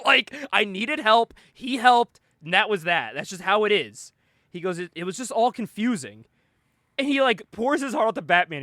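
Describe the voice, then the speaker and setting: A young man co-hosting a casual podcast, retelling a comic book story with lively voices for the characters and frequent laughs. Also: sits high, moderate pace, no room sound, studio quality. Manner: animated retelling, acting out characters' lines with laughs. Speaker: podcast co-host.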